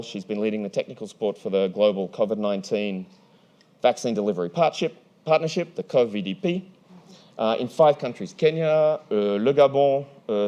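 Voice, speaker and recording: A man moderating a conference panel in a large hall, energetic and playful, often restarting his sentences. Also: medium pitch.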